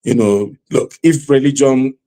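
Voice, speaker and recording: A man's voice: medium pitch, measured pace, mellow. A man from Nigeria hosting a panel talk show, hedging with lots of "you know" as he steps into the debate.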